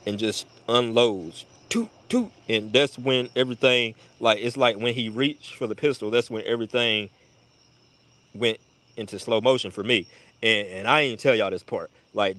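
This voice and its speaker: A man casually telling a long personal story, full of swearing, who jumps to a much higher voice when quoting people. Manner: profane, animated retelling with high-pitched voices for quoted people. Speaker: storyteller on a live audio chat.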